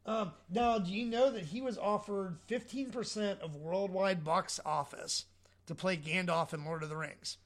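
Chatty high-voiced man co-hosting a podcast. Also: moderate pace. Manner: chatty, trails off, laughs easily. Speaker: podcast co-host. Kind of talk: casual movie chat.

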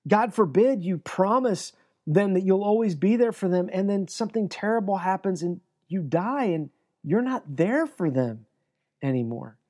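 A man's voice: high voice, lively intonation, normal speed, darkish tone. A man preaching an earnest, emphatic sermon as pastor, often restarting his phrases.

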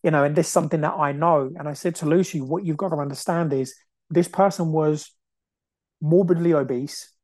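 A man's voice: on the high side, fairly even intonation, fairly quick, darkish tone, dry recording. Man telling a story, dry sound. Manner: rambling, full of fillers and acted-out quotes. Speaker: podcast host. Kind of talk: casual storytelling monologue.

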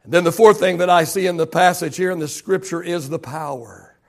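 Gravelly high-voiced preacher man. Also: fairly quick. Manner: emphatic preaching, calls for congregation responses. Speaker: pastor. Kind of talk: sermon. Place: church sanctuary.

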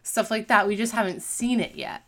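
A chatty woman hosts a casual conversation, recapping a show's episode. She talks in an easygoing, natural way and drops into quick character voices now and then. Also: mid-range voice. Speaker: podcast host recapping an episode. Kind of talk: casual chat.

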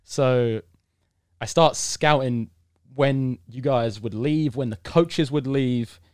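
With a mid-range voice, this young British podcast guest takes his time telling a long story in a casual interview. He's an animated narrator who acts out the people in it and erupts into loud excitement at points. The recording is dry and clean, studio-grade.

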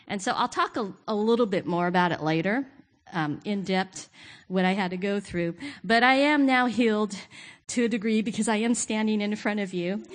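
A woman's voice: mid-range voice, a bit bright. A woman giving a sermon to her church, candid and self-deprecating, often laughing. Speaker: guest preacher. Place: church sanctuary.

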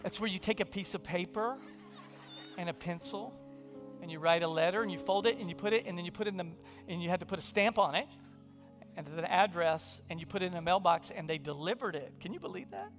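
A man preaching a sermon in a conversational, humorous storytelling way, sometimes dropping to a hushed, intimate delivery. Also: high voice, fast talker, faint music behind. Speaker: pastor.

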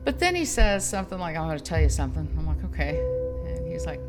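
A woman co-hosting a podcast, telling a dating story in casual chat, animated and laughing as she goes. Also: sits low, quick pace, loud music behind the voice. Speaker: podcast co-host.

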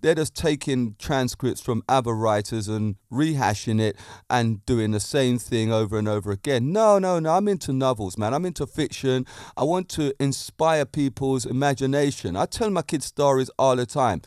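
A man hosting a casual podcast monologue, animated and often laughing at his own jokes. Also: medium pitch, moderate pace, clean tone, no echo, studio quality. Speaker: podcast host.

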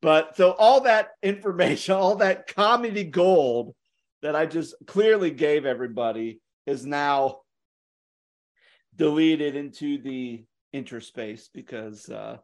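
A man's voice: on the high side, slow pace. A young man co-hosting a podcast, telling a story in a casual way, with joking asides and frequent laughter. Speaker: podcast co-host.

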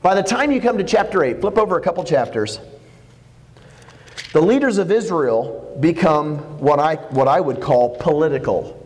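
Animated preacher man in a reverberant church. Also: a little high, normal speed. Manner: animated, jokey preaching with acted-out quotes. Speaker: pastor. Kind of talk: sermon.

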